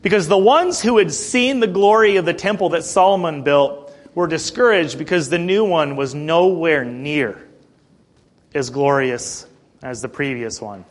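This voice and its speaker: High-voiced male preacher clearing his throat. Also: lively intonation, a little slow. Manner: checks in with listeners, "Okay?" and "Amen?"; reads scripture aloud, then explains it plainly. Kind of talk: sermon.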